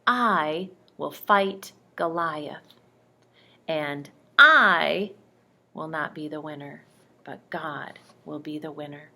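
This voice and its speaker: A woman's voice: deep voice, takes it slowly, vocal fry, sharp tone, heavily acted. A woman voicing a brave young shepherd boy in a spoken bible storybook, earnest and eager. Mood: determined.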